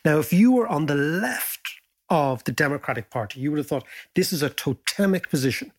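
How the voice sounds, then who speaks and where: A man hosts a casual podcast, talking in a fairly high voice that swoops up and down as he jokes. He moves briskly between banter and economics. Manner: animated, jokey, swoops up in pitch. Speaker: podcast host.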